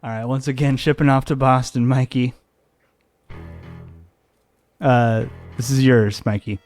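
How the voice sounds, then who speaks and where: A man running a quiz game on a podcast, with a voice at a middling pitch. He keeps the game moving with crude jokes and a loose, game-show manner. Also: fairly even intonation, unhurried, a little mellow, faint music behind. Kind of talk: casual chat.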